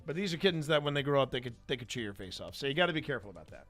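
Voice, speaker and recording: A man's voice: mid-range voice, big pitch swings, racing, a bit bright, faint music behind. A man hosting a live stream in a casual, rambling, playful way, chatting to his viewers and to his cats. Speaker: host.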